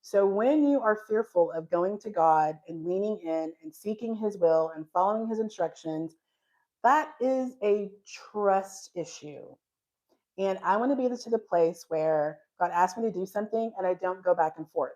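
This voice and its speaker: A woman giving a casual Bible teaching, an animated storyteller who acts out dialogue, frank and self-deprecating. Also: medium pitch, normal speed, muffled recording. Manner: animated storytelling, acting out dialogue with laughs and sighs.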